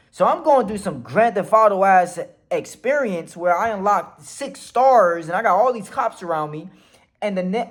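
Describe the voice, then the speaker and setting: A man telling a personal story to his viewers in a casual vlog, animated and swearing freely as he acts out what people said. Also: sits high. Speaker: vlogger.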